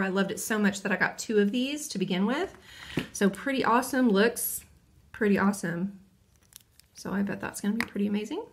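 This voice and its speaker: A woman chatting casually and excitedly while unboxing and swatching nail powders. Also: on the high side, slight background noise. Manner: bubbly, chatty, exclaims over colors. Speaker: nail hobbyist vlogger.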